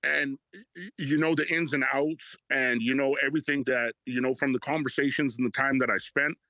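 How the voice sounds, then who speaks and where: Excited rambling rapper, bright voice. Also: male voice, medium pitch, a little fast, dry recording, rough recording. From Canada. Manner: excited, rambling, swears freely. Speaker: rapper guest. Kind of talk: casual interview storytelling.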